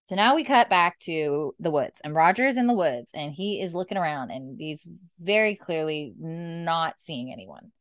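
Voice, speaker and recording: A woman's voice: deep voice, normal speed, no echo. A woman co-hosting a casual podcast, retelling TV scenes line by line with fillers. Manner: recounts dialogue in a flat retelling voice, casual fillers. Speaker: podcast co-host recapping a TV episode.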